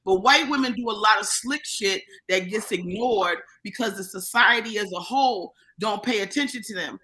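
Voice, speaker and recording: A woman guest on a live-streamed podcast, telling a profane story in an animated, casual way with many restarts. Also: medium pitch, moderate pace, low-quality recording. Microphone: live stream mic.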